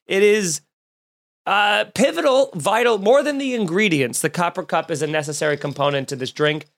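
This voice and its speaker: A man's voice: high voice, normal speed, a bit bright. A young man hosting a podcast, chatting casually and telling stories in a rambling, joking way. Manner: rambling, jokey storyteller with many restarts. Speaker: podcast host and comedian. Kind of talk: casual chat.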